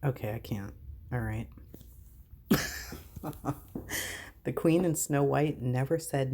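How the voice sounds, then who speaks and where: A woman's voice: very deep voice, slow, long pauses. A woman vlogging casually, reading items aloud and reacting with exasperated disbelief. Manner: incredulous, exasperated, animated reactions.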